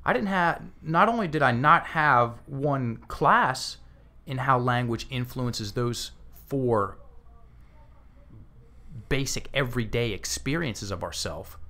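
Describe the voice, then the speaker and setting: Animated man telling a coaching story. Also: medium pitch, takes it slowly. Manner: animated, acts out quotes, frequent restarts. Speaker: guest, language coach. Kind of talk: conversational storytelling interview.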